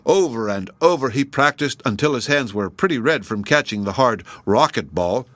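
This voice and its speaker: Male storybook narrator, gentle and expressive, dry close recording. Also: medium pitch, moderate pace, no echo. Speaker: audiobook reader.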